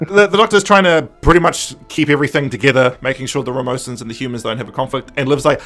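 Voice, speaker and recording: A man co-hosting a podcast, casually recapping an episode and acting out the characters in quick asides. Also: mid-range voice, fairly bright tone, soft background music. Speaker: podcast co-host.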